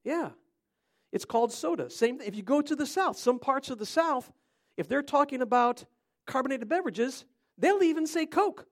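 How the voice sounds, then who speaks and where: Lively, chatty preacher man from Ohio. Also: very high-pitched, normal speed. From Cleveland, Ohio. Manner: animated, chatty, quizzes listeners by name. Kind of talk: interactive sermon to a congregation.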